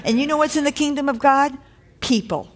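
Woman pastor, slightly high voice, chatty sermon delivery with lively exhortations to the church. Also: fairly quick. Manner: conversational preaching with rising exhortations.

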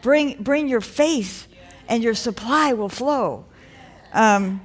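Woman pastor, slightly high voice, chatty sermon delivery with lively exhortations to the church. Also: slow pace. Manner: conversational preaching with rising exhortations.

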